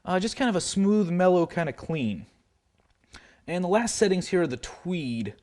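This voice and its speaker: A man's voice: high-pitched, big pitch swings, moderate pace, a little mellow. A man giving a casual product demonstration of a guitar amplifier, explaining settings loosely with frequent fillers and hedges. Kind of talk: casual product demo walkthrough.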